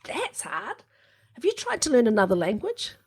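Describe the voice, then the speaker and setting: Gravelly, husky New woman in her fifties. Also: on the high side, wildly swooping pitch, moderate pace. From New Zealand. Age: 50s. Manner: chatty, laughs often, reflective. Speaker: podcast co-host. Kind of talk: casual chat.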